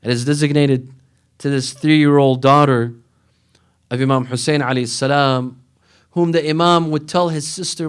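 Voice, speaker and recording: A man's voice: on the high side, steady tone, normal speed, smooth. A man who is a religious scholar, narrating a mourning sermon in a mosque, repeating phrases and breaking into sung lament. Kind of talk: emotional sermon narration with chanted elegy. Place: large mosque hall. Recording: echoey mosque hall, long reverb.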